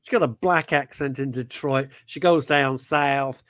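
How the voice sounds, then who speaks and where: A man's voice: mid-range voice, no echo. A man hosting a talk show, joking and laughing, often trailing off and restarting his sentences. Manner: animated, jokey, quick to laugh, trails off and restarts. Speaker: radio show host. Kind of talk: casual talk show banter.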